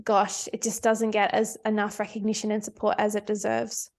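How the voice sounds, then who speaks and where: A woman's voice: mid-range voice, monotone, moderate pace, creaky, a little mellow. A woman on a podcast speaking earnestly and reflectively in casual conversation, with some fillers.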